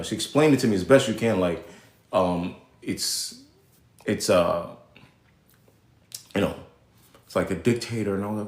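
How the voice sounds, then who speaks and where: A young adult man from Nigeria hosting a live show in casual commentary, animated and rambling, often cutting himself off. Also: lowish voice, a little fast, long pauses. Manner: animated, rambling, self-interrupting. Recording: echoey room.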